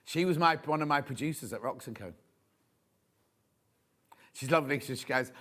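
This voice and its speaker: Showing fabrics on a live TV shopping program in the studio, this presenter chats and gossips eagerly in his selling patter. His voice is medium-pitched and a bit bright, at a moderate pace with long pauses.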